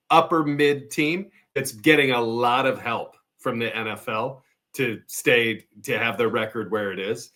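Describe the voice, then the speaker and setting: A man's voice: mid-range voice, pushed and bright. A man appearing as a guest on a sports podcast, giving confident football picks in casual chat. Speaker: guest picker.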